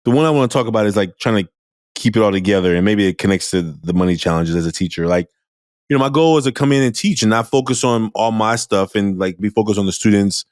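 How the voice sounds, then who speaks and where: A man's voice: fairly low pitch, fast, no echo, studio quality. A man hosting a podcast as a teacher, chatting casually and acting out what he tells his students. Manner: animated, acts out remarks to students. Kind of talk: casual conversational reflection.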